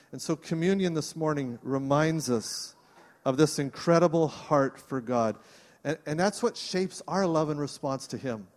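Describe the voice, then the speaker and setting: A man preaching a sermon to his congregation, earnest and inviting them to respond. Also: a little high. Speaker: pastor. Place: church service. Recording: long reverb of a church hall.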